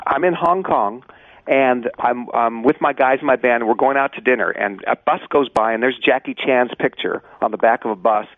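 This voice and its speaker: A man calls in to a radio show as a guest musician, his voice squeezed through a thin, tinny phone line. He speaks at an ordinary middle pitch, chatty and easygoing, and stumbles over repeated words as he begins each thought. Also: moderate pace, dry recording. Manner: chatty, repeats words when starting a sentence. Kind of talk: casual storytelling.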